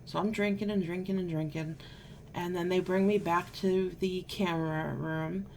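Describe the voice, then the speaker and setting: A woman's voice: on the low side, fairly even intonation, moderate pace, gravelly, darkish tone, a little hiss or hum. A woman vlogger telling a story casually to camera, chatty and sarcastic, still a bit unwell.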